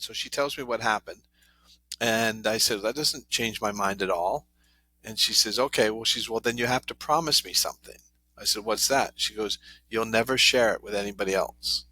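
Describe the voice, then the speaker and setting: This is a dry recording of a middle-aged man with a lowish voice. He's a trauma therapist being interviewed on a podcast, telling lively stories and performing what people said.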